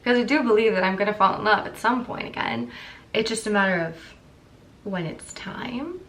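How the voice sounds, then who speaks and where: A young woman in her twenties with a croaky morning voice, chatting candidly and rambling to camera as a vlogger. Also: medium pitch, animated, moderate pace, a bit bright, far from the mic, slight background noise. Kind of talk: casual chat to camera.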